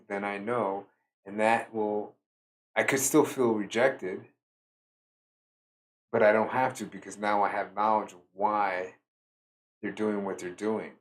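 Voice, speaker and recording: A tired man giving a slow, reflective solo talk as a spiritual teacher, pausing often with fillers. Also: lowish voice. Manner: slow, musing, with many fillers.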